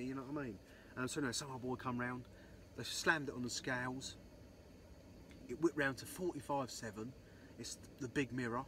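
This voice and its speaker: A man's voice: mid-range voice, steady tone, brisk, noisy background. A man telling a rambling fishing story, swearing constantly and saying "um, so anyway" a lot. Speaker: angler vlogger. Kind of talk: casual storytelling.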